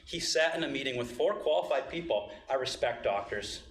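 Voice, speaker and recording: A man giving an impassioned, emotional public comment at a board meeting, rising to loud, emphatic outbursts. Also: medium pitch, expressive, brisk, reverberant, a little hiss or hum.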